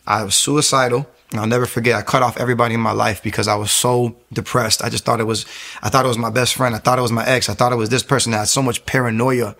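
Earnest man with a gravelly voice. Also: medium pitch, steady tone, a bit bright. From New York area. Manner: earnest, emotional, halting with many restarts. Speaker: guest telling his testimony. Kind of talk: personal testimony storytelling.

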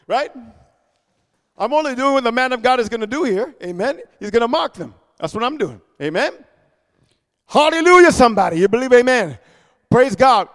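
A man preaching an animated sermon, reading scripture with many fillers and breaking into shouts and laughter. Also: very high-pitched, fairly quick, big-room sound. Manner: shouting, mocking, laughing often; reads scripture in old wording, with many fillers.

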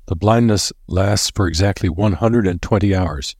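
Brief: man doing a steady, earnest doctor, deep husky voice, storybook read. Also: moderate pace, dry recording, clean studio sound. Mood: grave. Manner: firm, patient. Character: firm, patient male research doctor.

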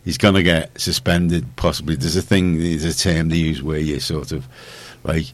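A man's voice: rumbling low, steady tone, normal speed. A man hosting a casual radio chat, rambling and sarcastic, with many restarts. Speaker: radio show host.

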